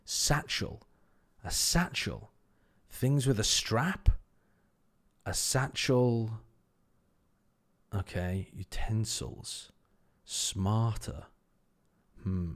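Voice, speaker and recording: A man's voice: fairly low pitch, extremely slow, pauses often. A man hosting a casual livestream, thinking aloud as he works a word puzzle, repeating words under his breath and swearing casually. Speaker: stream host.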